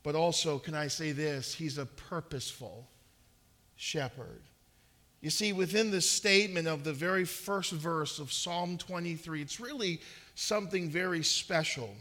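A male pastor delivers a sermon in a high, ringing voice. He speaks with earnest emphasis, leaning into key phrases and often repeating words as he builds each point. The tone is bright and forward throughout. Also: moderate pace.

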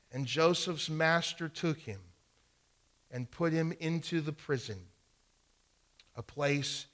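Bright and forceful, this man's slightly high voice carries a sermon in which he reads scripture aloud. He repeats phrases for emphasis, with his volume rising and falling.

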